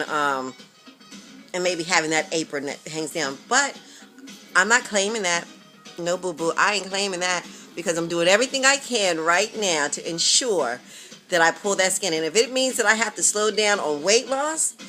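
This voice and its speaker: A woman talks openly to her viewers in a casual vlog, chatty and sassy, with quick asides. Her voice sits a bit low but sounds bright and forceful, and faint music plays behind her. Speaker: vlogger. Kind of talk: casual weight-loss vlog.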